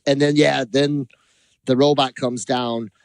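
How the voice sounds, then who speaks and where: A man co-hosting a podcast, retelling scenes in a loose, jokey, animated way. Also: mid-range voice, a little slow, gravelly, smooth, no room sound. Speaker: podcast co-host. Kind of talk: casual chat.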